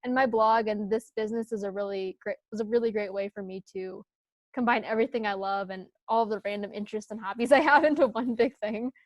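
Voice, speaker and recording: A woman's voice: mid-range voice, steady tone, fast talker, no echo. A young woman in her twenties, a guest on a podcast, talking in a chatty, upbeat way and laughing often. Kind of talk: casual podcast interview.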